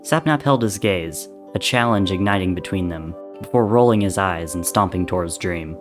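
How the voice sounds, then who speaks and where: A man reading a story aloud in a measured, softly dramatic narration. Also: deep voice, over music. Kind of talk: reading fan fiction aloud.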